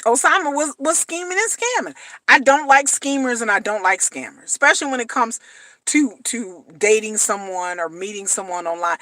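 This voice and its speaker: A woman delivers a blunt, slangy vlog commentary, hammering her points home with repetition. Her voice sits high and sounds bright and forceful. The recording is dry and close. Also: animated, normal speed, no room sound. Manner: blunt, emphatic, slangy, repeats phrases. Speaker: reality TV commentator.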